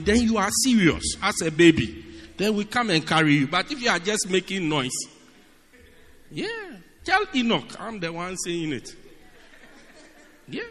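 A man preaching a sermon in an animated, humorous way, often asking his listeners if they get it. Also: sits high. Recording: long reverb of a large hall.

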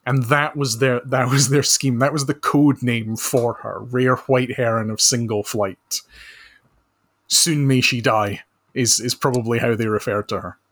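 Deadpan man, mid-pitched. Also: a little slow. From Scotland. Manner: dry, deadpan, mock-serious. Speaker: podcast guest, author and social researcher. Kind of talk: casual comedic chat. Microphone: remote call.

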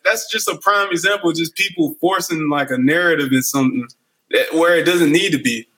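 Man, casual chat, slangy, profane, laughing storyteller, bright tone. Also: fairly high pitch, fairly quick, poor audio. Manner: loose, slangy and profane, laughs through stories.

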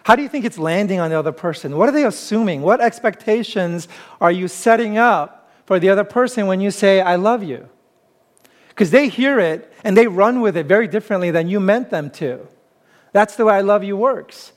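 A man preaching a sermon to his congregation in a relaxed, conversational way, often pausing on "uh", with playful asides that draw laughs. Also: sits high. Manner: conversational preaching with frequent "uh" fillers. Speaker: pastor.

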